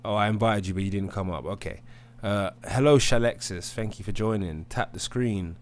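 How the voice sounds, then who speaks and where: A man's voice: fairly low pitch, moderate pace, a little hiss or hum. A young British man hosting a casual live stream, reading viewer comments aloud and hyping the chat. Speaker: livestream debate host.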